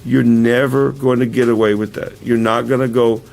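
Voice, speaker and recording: This livestream host talks at normal speed with a medium-pitched, level, creaky, and somewhat mellow voice. He tells his story in a rambling, self-correcting way, chuckling frequently, then shifts to earnest, direct words for his viewers. He's recorded on a camera mic.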